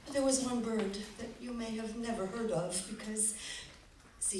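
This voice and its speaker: A woman telling a folk tale live to an audience, playful and expressive, asking listeners questions. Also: mid-range voice, measured pace, slight background noise. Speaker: storyteller. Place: festival stage before a live audience. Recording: echoey hall, distant mic.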